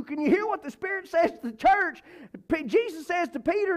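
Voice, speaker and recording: A man delivers a church sermon in a fairly high voice. He preaches with emphasis, repeating key phrases and swinging between loud passages and soft, low ones. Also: expressive, fairly quick. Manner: emphatic, repeats phrases, rises and falls in pitch and volume.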